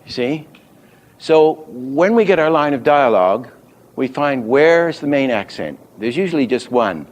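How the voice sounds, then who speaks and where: Older male animation tutor, mid-pitched, slow delivery, demonstrates readings as he explains. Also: big pitch swings, a little mellow. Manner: unhurried, thinks aloud, demonstrates line readings. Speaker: animation teacher. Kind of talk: teaching lecture.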